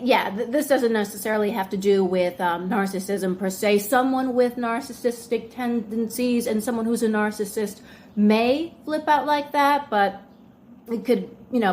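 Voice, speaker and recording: Her voice mid-range and a touch mellow over slight hiss or hum, a woman video host chats through her explanation, leaning on fillers and performing sample dialogue.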